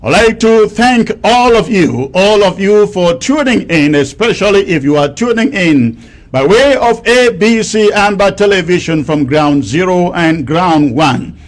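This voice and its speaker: A middle-aged man hosting a live stream, his voice pitched high and swinging up and down as he greets viewers. He reads each name slowly and drops in chatty remarks between them. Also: expressive.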